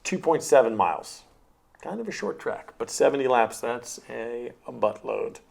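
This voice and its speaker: Gravelly-voiced jokey podcast co-host man. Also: mid-range voice, expressive, normal speed, darkish tone. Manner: jokey, self-mocking, chatty. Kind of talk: casual podcast chat.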